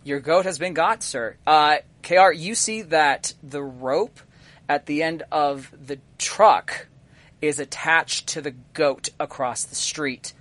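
A man running a tabletop role-playing game as game master, narrating the scene haltingly with frequent ums and uhs. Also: fairly high pitch, fairly bright tone.

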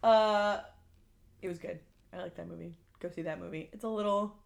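A woman co-hosting a podcast, chatting casually about movies with lots of fillers and quick retellings. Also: mid-range voice, steady tone, creaky. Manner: chatty, lots of "like", acts out quotes. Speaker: podcast co-host. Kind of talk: casual chat.

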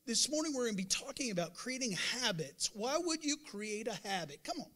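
A man with a notably high speaking voice preaches a sermon as pastor. He talks to his congregation in a conversational way, mimicking doubters, then rises into sudden emphatic bursts and calls out to the room. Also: sing-song, brisk, a bit bright.

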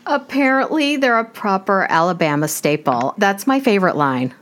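A woman hosting an interview, animated and amused, reading favorite lines from a book aloud. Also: mid-range voice, moderate pace. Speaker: interview host. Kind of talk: casual interview chat. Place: New York City home.

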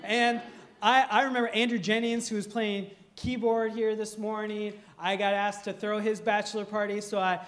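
A young man from Minnesota preaching a sermon, telling humorous stories and laughing through them. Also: high-pitched. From Minnesota, USA. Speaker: pastor. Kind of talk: storytelling sermon.

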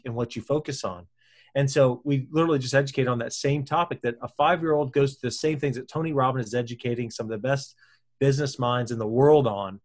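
A man in his thirties telling a story in relaxed conversation. He is animated and chatty and drops in fillers as he talks. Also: medium pitch. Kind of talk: casual storytelling.

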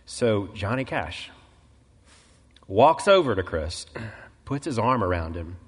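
A male pastor preaching a sermon, telling a story and acting out the quoted voices, clearing his throat often. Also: lowish voice, sing-song, slow, in a large hall. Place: church sanctuary.

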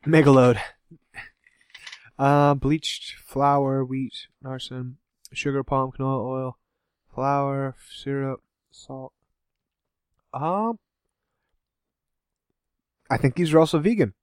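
A man co-hosting a casual podcast, quick to laugh and crack jokes. His voice sits at an ordinary middle pitch, recorded close and dry with no room sound. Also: fairly even intonation, clear, resonant tone, no echo. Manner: jokey and giggly, rambling asides. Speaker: podcast co-host. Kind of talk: casual chat.

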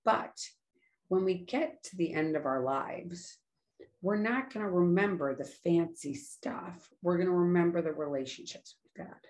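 A woman's voice: sits low, a little mellow. Earnest, rambling woman talking about sobriety. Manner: earnest, rambling, self-correcting. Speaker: recovery speaker. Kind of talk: casual spoken talk on sobriety.

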